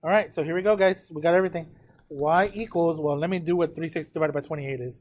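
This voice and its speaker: A man's voice: fairly high pitch, fairly even intonation, fast talker. A man teaching a math lesson, working through a graph step by step, counting aloud and addressing his students directly.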